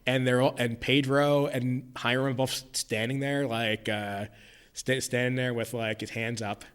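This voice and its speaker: A man's voice: mid-range voice, steady tone, a little slow, a bit bright, smooth. A man recalling a scene in an interview, stumbling over repeated "like" and restarts. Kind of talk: casual interview recollection.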